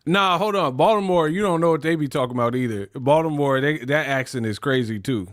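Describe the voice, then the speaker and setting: Slangy animated man streaming boxing talk. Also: fairly high pitch, a little fast, dry recording. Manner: animated, slangy, laughs at his own jokes. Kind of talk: live-stream commentary. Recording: dry close mic.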